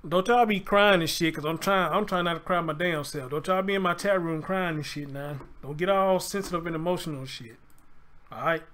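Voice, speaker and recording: A man talks straight to his live chat in a casual, profane way, circling back to the same pleas again and again. He is clearly holding back tears. His voice sits a little high for a man. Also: brisk, a bit bright. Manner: profane, pleading, repeats himself. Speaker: show host. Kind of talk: casual live-stream commentary.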